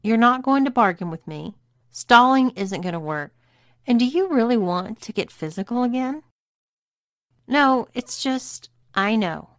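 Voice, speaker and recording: A woman's voice: fairly high pitch, lively intonation, a little slow, no room sound, clean studio sound, pitched above the performer's own voice. A woman voicing a stern, bossy dominatrix who talks in a mocking, commanding way.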